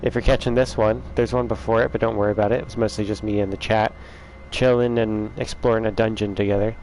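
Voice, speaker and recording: A man's voice: on the low side, little pitch movement, fast, a little mellow, a little hiss or hum, low-quality recording. A man hosting a casual gaming livestream from his room at home, chatting and teasing viewers by name.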